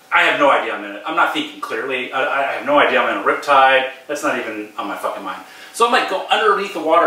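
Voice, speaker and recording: Profane storytelling man in an echoey room. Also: medium pitch. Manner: profane, animated, emphatic storytelling. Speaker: podcast host telling a personal story. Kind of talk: casual storytelling. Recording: very echoey room, distant mic.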